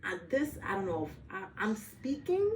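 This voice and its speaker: A woman's voice: medium pitch, very animated, normal speed, a little hiss or hum. A woman from the Bronx in a casual, rambling monologue, blunt and profane, often breaking off mid-thought with playful asides. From the Bronx, New York. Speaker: vlogger.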